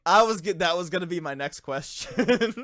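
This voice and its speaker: A man's voice: sits high, expressive, moderate pace, a bit bright. A young man co-hosting a podcast, joking around and laughing often in casual chat. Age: young adult. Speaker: podcast co-host.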